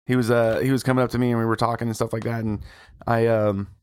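Male podcast co-host, mid-pitched, dry close sound, animated anecdote teller. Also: fast, smooth, dry recording. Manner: animated storyteller who acts out quotes. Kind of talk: casual chat.

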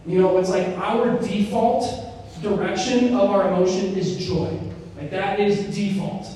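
A man's voice: high-pitched, unhurried. A young man giving a casual faith talk, telling stories with lots of fillers. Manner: animated storytelling with many fillers. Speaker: speaker on Christian formation. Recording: very echoey hall, mic far off, faint noise.

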